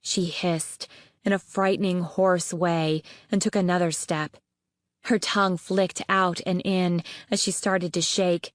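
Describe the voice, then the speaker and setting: A woman narrating an audiobook in a steady, even storytelling manner on a close studio mic. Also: on the low side, measured pace, no echo. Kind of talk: scripted narration.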